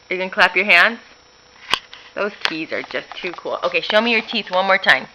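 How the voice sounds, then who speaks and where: A woman's voice: on the low side, animated, fairly quick, sharp tone, slight background noise, poor audio. A woman talking to her toddler at home in playful, coaxing baby talk, with frequent laughs. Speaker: mother.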